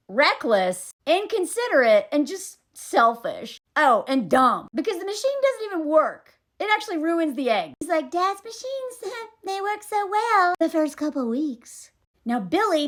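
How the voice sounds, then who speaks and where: A young adult woman giving a sarcastic, exasperated comedic movie recap. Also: sits high. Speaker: video creator.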